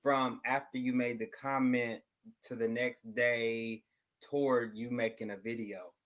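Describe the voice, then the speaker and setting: A man's voice: mid-range voice, little pitch movement, unhurried, a bit bright. A man calling into a livestream, puzzled and asking careful questions. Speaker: livestream caller. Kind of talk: casual chat.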